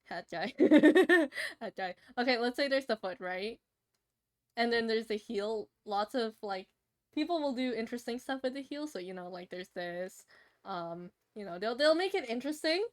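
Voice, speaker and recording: A young woman streamer with a slightly high, faintly nasal voice. She chats loosely with her viewers as she draws, laughing often and answering them off the cuff. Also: animated, normal speed. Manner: chatty, laughs often, answers chat while drawing. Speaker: streamer drawing a commission. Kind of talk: casual live-stream chat.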